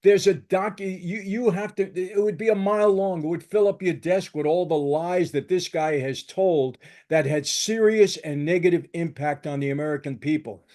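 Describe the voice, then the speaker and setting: A man's voice: sits high, normal speed, hardly any pauses, a little mellow. An older man hosting his own channel, delivering an emphatic, combative political commentary with lots of repetition. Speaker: channel host.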